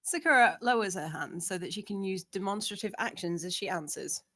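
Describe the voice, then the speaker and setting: A woman's voice: medium pitch, expressive, brisk, a bit bright. A woman narrating, steadily reading out the scene descriptions of a screenplay.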